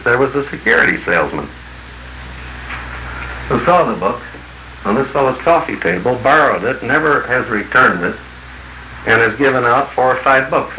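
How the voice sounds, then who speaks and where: A man's voice: mid-range voice, very animated, moderate pace, bright, forceful tone, echoey room, a little hiss or hum, rough recording. A man working as a business consultant tells blunt, folksy stories to a group in an archival 1950s recording. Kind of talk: anecdotal talk to a group.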